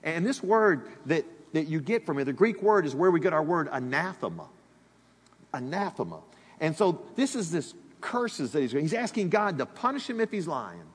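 A man's voice: fairly high pitch, normal speed, slightly rough. A man from Alabama, preaching a sermon in a chatty style and speaking to his congregation directly. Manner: animated, conversational preaching with asides to the congregation. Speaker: pastor. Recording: long reverb of a large hall.

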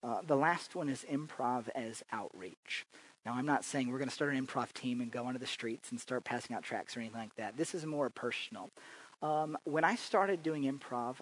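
A man's voice: on the high side, fairly bright tone, husky, poor audio. Man telling stories at church. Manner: chatty storytelling with humor; frequent fillers and restarts. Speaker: church speaker and improv teacher. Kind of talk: informal church talk with stories.

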